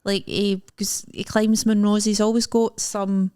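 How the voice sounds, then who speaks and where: A woman's voice: mid-range voice, flat delivery, unhurried, dark tone, clear, resonant tone, dry recording. Blunt Scottish woman, dry close mic. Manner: blunt, teasing, swears freely. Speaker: podcast co-host. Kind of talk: casual chat.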